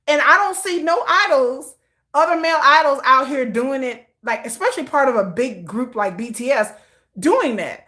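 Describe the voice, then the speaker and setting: A woman hosting a casual livestream, animated and slangy, laughing often. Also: high voice, moderate pace. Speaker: livestream host.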